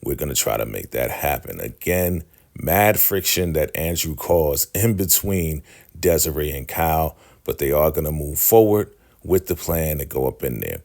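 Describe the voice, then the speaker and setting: A man casually recapping a TV episode, retelling scenes in quick paraphrased quotes. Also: rumbling low, gravelly, a little mellow. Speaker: recap host.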